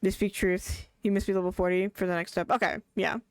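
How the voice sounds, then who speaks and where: A woman's voice: medium pitch, level tone, a little fast, smooth, dry recording, soft background music. A young woman streaming a game, chatting casually as she plays, rambling and laughing often. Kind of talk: casual live gameplay commentary.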